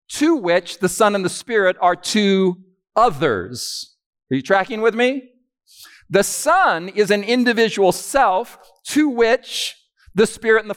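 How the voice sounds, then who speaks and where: A man preaching a sermon to an audience in a hall, with a fairly high voice that swings widely up and down. He talks in an unhurried way and keeps asking his listeners questions as he teaches. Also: a bit bright, clear, resonant tone.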